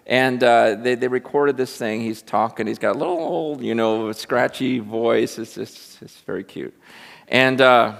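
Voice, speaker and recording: A man preaching a sermon in a lively, animated way, acting out quotes and building to loud, excited peaks. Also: mid-range voice, vocal fry. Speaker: pastor. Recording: long reverb of a large hall.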